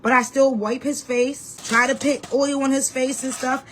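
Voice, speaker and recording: A woman's voice: high voice, level tone, normal speed, slight background noise. A woman who makes social media videos, ranting bluntly with lots of swearing in a casual vlog.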